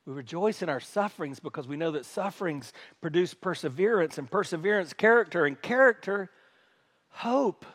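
Male pastor with a high voice, animated sermon delivery that swings from hushed to loud. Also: normal speed.

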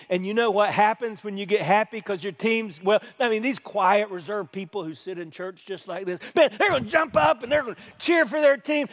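A male pastor preaching a sermon, animated, swinging between quiet, intimate passages and loud, excited ones. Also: high-pitched.

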